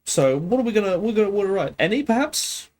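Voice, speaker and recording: A man's voice: high-pitched, very animated, fast, darkish tone. A man thinking aloud at a leisurely pace while working through a language exercise on a live stream, hesitant and checking himself as he goes. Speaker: streamer studying Greek.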